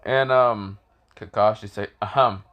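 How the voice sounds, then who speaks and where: A man's voice: mid-range voice, measured pace, highs cut off. A man casually retelling a fan story, rambling with lots of fillers and cursing. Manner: rambling, with many fillers and profanity.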